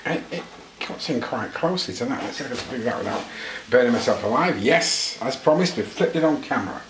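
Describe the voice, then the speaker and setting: A man's voice: mid-range voice, lively intonation, quick pace, echoey room, background noise. A British man cooking at home and chatting casually to the camera, making self-deprecating jokes as he goes. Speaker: vlogger. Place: home kitchen.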